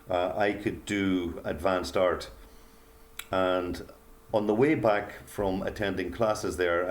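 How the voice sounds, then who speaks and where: Older man, very deep voice, earnest, halting, reflective interview storytelling. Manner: slow, earnest, halting with pauses and fillers. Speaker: guest author.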